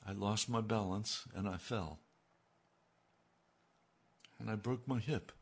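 An older man delivers a sermon at an unhurried, deliberate pace. His voice is low, gravelly and a little husky. He leans hard into key phrases. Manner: slow and emphatic, rising in intensity when quoting God. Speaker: preacher.

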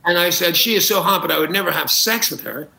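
A man's voice: high-pitched, fast, creaky, sharp tone, roomy sound, low-quality recording. A man, a talk show guest, telling comic anecdotes with gusto, acting out quotes and laughing at his own jokes. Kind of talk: animated comic storytelling.

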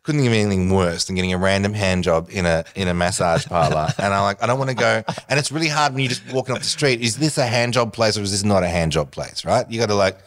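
A man's voice: fairly low pitch, fast, hardly any pauses. A middle-aged man, a guest, telling a funny story with lots of laughs and acted-out voices. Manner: animated storyteller, acts out voices, laughs often. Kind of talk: casual anecdote telling.

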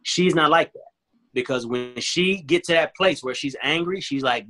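A man's voice: medium pitch, animated, fairly quick, pushed and bright. A man talking earnestly and emphatically in a casual chat, repeating his points. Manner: earnest, emphatic, repeats phrases, acts out both sides of arguments.

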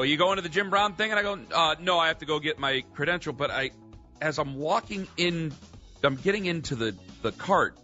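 Man, storyteller, radio guest, bright voice, a bit muffled, faint music. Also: a little high. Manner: animated storyteller, acts out quotes. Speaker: radio contributor. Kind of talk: telling an anecdote on radio.

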